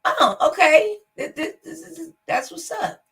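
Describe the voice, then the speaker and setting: A woman hosting a reaction video, talking loudly and profanely, laughing and incredulous at what she watches. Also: very high voice, very animated, a little slow, gravelly. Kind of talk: casual reaction commentary.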